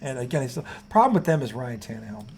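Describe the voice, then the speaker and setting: A man co-hosting a casual sports talk show, jokey and quick to laugh, swearing now and then. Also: mid-range voice, big pitch swings, a little mellow, slight background noise. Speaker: podcast co-host.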